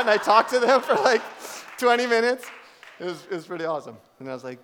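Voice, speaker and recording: Storytelling male preacher, rather high voice. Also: quick pace. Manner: conversational storytelling with lively quoted voices. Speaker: pastor. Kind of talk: sermon.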